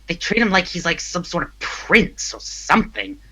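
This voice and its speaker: A man's voice: sits high, big pitch swings, moderate pace, sharp tone, slightly rough, voice pushed up, exaggerated voice, rough recording. A man voicing a sarcastic, jealous male prisoner with a mocking way of talking. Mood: sulky.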